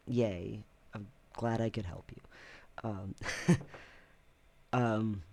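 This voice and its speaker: A man talking casually in a personal vlog, rambling with many ums and frequent laughs. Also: medium pitch. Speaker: vlogger.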